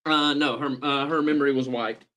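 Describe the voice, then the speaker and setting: A man game master chatting casually in animated bursts. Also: mid-range voice, a little fast. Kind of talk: casual chat.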